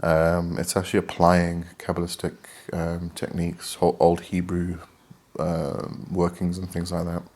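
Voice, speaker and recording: A man's voice: deep voice, monotone, measured pace, darkish tone. A man giving a casual spoken lesson on a ritual, hesitant with many fillers, sometimes reading passages aloud from a book. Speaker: occult teacher. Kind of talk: casual instructional talk.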